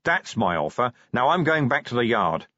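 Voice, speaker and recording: Guy doing a no-nonsense watch commander, husky and blunt, muffled audiobook sound. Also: mid-range voice, sing-song, moderate pace, dry recording, pitched above the performer's own voice. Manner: blunt and forceful. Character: blunt male city watch commander, stubborn and tough. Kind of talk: audiobook character voice.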